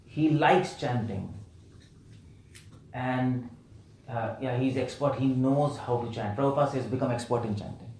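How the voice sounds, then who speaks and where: A man's voice: mid-range voice, measured pace, pauses often, darkish tone. A man, preaching a scripture lecture and questioning a live audience, playfully repeating words for emphasis. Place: temple hall. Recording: roomy hall echo.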